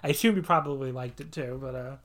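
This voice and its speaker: A man's voice: medium pitch, fast talker, a bit bright. A man hosting a podcast in casual chat, rambling and enthusiastic, laughing and swearing as he talks. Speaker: podcast host.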